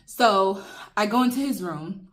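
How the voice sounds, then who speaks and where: A woman's voice: medium pitch, animated, measured pace. A young woman telling viewers an emphatic, chatty story over a meal in a casual vlog. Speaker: vlogger. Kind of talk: casual storytime while eating.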